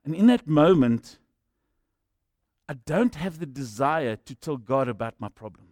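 A middle-aged man preaching a sermon, telling stories that swing from hushed to shouting. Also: a little high, animated, a little slow, no echo, studio quality. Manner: storytelling, swings from quiet to shouting. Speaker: pastor.

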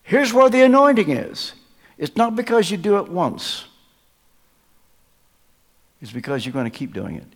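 A man preaching a sermon at a live church service, emphatic, swinging from loud stresses to hushed asides. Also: sits high, big pitch swings, unhurried, pauses often. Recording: long reverb of a large church.

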